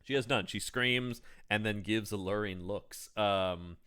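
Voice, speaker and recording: A man's voice: on the low side, a little slow, sharp tone, smooth. A man co-hosting a casual podcast, recapping a film's plot and acting out lines. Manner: recounts plot scenes, acting out quotes. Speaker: podcast co-host. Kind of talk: casual movie-recap chat.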